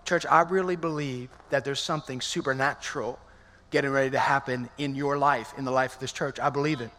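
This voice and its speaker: A male pastor giving a lively, conversational sermon, calling out to the congregation in a large church sanctuary. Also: medium pitch, a little fast. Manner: energetic, conversational, calls out to the congregation. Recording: long hall reverb in a church.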